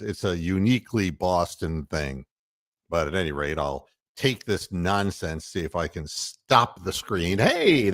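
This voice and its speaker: A man's voice: on the low side, fairly bright tone, dry recording, clean studio sound. A man from Ohio hosting a casual sports talk show, rambling and heated, full of fillers and mocking quotes. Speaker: podcast host.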